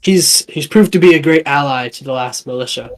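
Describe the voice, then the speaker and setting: A man voicing a shaken male villager who stutters and speaks in hushed, urgent tones in a tabletop game. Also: mid-range voice, fairly quick, lightly acted. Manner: stammering, hushed.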